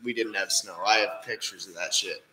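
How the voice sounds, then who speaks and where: An easygoing man from Canada chimes in on a live stream with short, casual replies and the odd curse. His voice is bright and forceful, and it rings with a roomy echo. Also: lowish voice, a little fast, slight background noise. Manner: easygoing, brief replies, swears.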